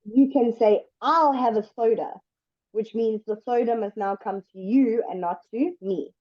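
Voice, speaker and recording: A woman teaching an online English lesson, explaining patiently and slowly with examples. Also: fairly high pitch, no room sound. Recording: dull lo-fi dry sound.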